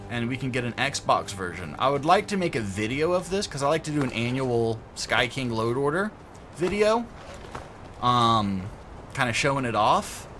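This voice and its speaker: A man's voice: medium pitch, a bit bright. A young adult man chatting casually on a game stream, rambling through stories and laughing often. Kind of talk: casual gameplay stream chat.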